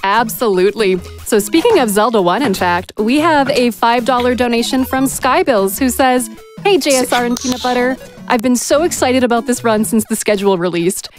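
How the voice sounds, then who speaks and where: A woman's voice: a little high, brisk, faint music behind. A woman hosting a charity event stage and reading out donations in an upbeat way. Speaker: host.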